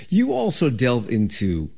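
A man's voice: medium pitch, wildly swooping pitch, takes it slowly, creaky, a little mellow, slightly rough. A man interviewing a guest in a casual radio chat, curious and stammering on restarts.

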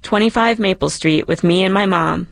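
A woman's voice: mid-range voice, normal speed, creaky, dry recording, lightly acted. A woman voicing a sullen, jealous teenage girl. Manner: sullen, snappish.

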